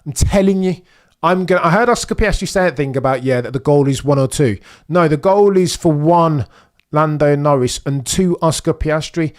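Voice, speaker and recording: Man, live race commentary stream, animated, pleading, rising excitement. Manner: animated, pleading with drivers, swings from low mutters to high excited bursts.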